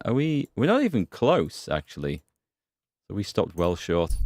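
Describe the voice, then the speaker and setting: Guy chatting thru a let's play, lowish voice, lots of ups and downs, jokey. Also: no room sound. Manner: chatty, joking, thinking aloud. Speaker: gaming host.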